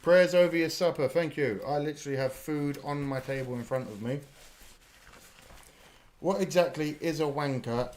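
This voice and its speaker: A British man hosts a live watch-party stream in a loose, chatty way. He explains slang to his viewers and drops swear words freely. His voice sits at an ordinary middle pitch. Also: normal speed, long pauses, a little mellow, a little hiss or hum. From United Kingdom. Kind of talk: casual live reaction chat.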